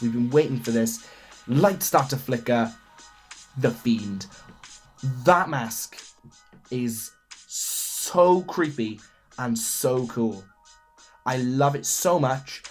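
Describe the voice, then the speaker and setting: A young man, hosting a wrestling podcast alone, gushing as an excitable fan. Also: medium pitch. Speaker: podcast host. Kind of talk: solo wrestling podcast rundown.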